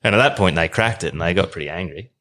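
An Australian man in his thirties, a podcast guest telling an animated story in casual slang. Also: deep voice, quick pace. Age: 30s. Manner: animated, colloquial yarn-spinner.

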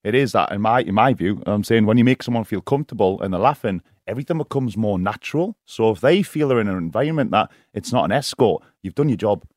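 A man's voice: fairly low pitch, animated, quick pace, few pauses, a little mellow, no room sound, studio quality. A man being interviewed as a guest on a radio show, frank and rambling, often laughing and asking "do you know what I mean". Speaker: guest, professional escort. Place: radio studio.

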